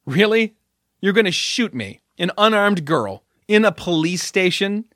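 A man doing a cocky teenage girl in an audiobook, her voice lifted well above his own and clear. She taunts and mocks with a sharp, bright edge. The read is dry and close. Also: high voice, sing-song, unhurried, dry recording, voice pushed up, heavily acted. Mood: taunting. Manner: mocking, taunting. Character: defiant sarcastic teenage girl, small.

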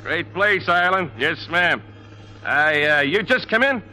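A brusque New cabbie. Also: male voice, fairly high pitch, lively intonation, unhurried, sharp tone, a little hiss or hum, heavily acted, rough recording. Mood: sly. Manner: brusque, scornful, streetwise. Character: gruff proud New York cab owner-driver. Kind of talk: 1940s radio acting.

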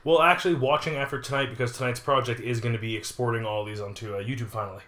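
A man's voice: medium pitch, steady tone, fast talker, bright, forceful tone. Joking man co-hosting a podcast, roomy sound. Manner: playful, jokey, trails off with fillers. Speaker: podcast co-host. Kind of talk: casual chat.

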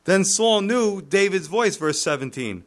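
A male pastor preaching a sermon, retelling the scripture in a lively way and chuckling at the text. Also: high voice, a little slow.

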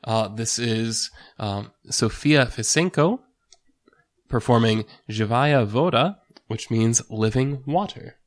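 A woman co-hosting a casual chat, measured and steady, guiding the running order. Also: rumbling low. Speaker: podcast co-host. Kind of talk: casual chat reviewing performances.

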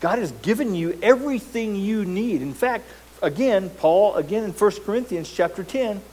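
A man's voice: sits high, lively intonation, normal speed, a little mellow, rough recording. A man preaching a sermon as pastor, emphatic, posing rhetorical questions and repeating words as he goes.

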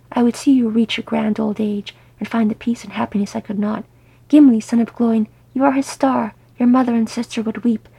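A woman's voice: mid-range voice, gravelly, warm tone, breathy edge. A woman voicing the ghost of a male dwarf king, pleading and impassioned.

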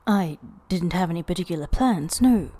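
Brief: gentle, soft-spoken young man, quietly affectionate, as a woman reads him in a podfic. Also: lowish voice, animated, moderate pace. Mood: fond. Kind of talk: podfic reading.

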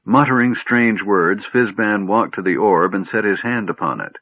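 Deep-voiced male storybook narrator. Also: dry recording. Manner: measured storytelling. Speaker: audiobook narrator. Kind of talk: scripted narration. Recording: dry, tinny phone-like audio.

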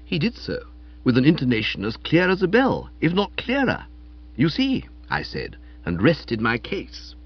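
Husky-voiced man narrating with lively pitch. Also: normal speed. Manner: lively first-person comic storytelling. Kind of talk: scripted audiobook narration. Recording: dull, muffled audio.

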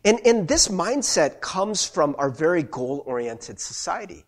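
A man's voice: fairly high pitch, very animated, a little slow. A male pastor giving a conversational sermon who keeps asking "right?" to check in with his listeners.

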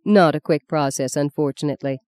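Low, mellow woman narrating a story. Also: brisk, no room sound, clean studio sound. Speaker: audiobook narrator. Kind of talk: scripted narration.

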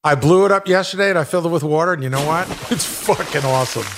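A man's voice: a little high, fast talker, slight background noise. Self-deprecating middle-aged male storyteller. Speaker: radio show staffer. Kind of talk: anecdotal radio banter.

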